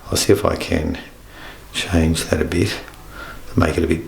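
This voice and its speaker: A man's voice: extremely low pitch, level tone, a little slow, gravelly, breathy edge. A middle-aged man chatting casually in a self-filmed vlog from his hotel room, rambling and joking as he corrects himself. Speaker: vlogger in hotel quarantine.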